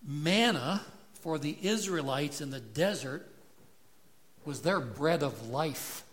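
A man's voice: on the high side, expressive, slow pace, fairly bright tone. A man preaching an expository sermon, earnest and building in intensity as he explains scripture. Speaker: pastor.

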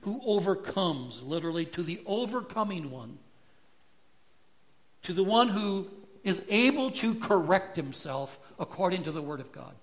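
Male pastor, slightly high voice, slow deliberate delivery, earnest sermon tone. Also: lively intonation. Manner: slow, earnest preaching with rising intensity. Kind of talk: expository sermon.

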